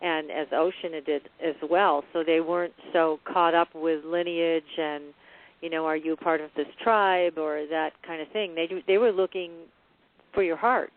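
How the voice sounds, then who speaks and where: A woman's voice: low voice, steady tone, normal speed. A woman co-hosting a conversational interview, chatty and affirming toward her guest. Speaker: co-host. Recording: tinny phone-line audio.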